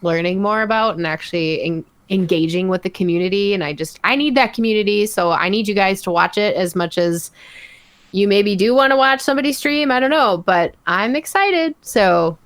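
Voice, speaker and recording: A young woman guesting on a podcast, chatting casually and easygoingly with many fillers, slowing down as she thinks aloud. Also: mid-range voice, animated, clear, resonant tone, dry recording.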